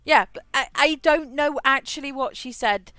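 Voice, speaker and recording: Bright woman streamer chatting. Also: high voice, moderate pace, dry recording. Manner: rambling storyteller, frequent restarts and repeated words. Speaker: livestreamer. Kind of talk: casual chat while playing a game.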